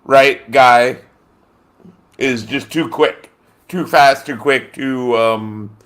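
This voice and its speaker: A man's voice: mid-range voice, very slow, a bit bright. A man hosting a casual chat, rambling and swearing, often groping for names with lots of fillers. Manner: rambling and profane, gropes for names with many fillers. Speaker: podcast host.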